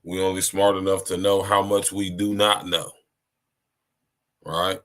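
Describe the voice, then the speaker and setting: Deep-voiced man preaching on a podcast. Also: little pitch movement, unhurried, a bit bright. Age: 30s. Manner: preachy, repeats "you hear me" and "man". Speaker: podcast host. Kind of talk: casual live-stream monologue.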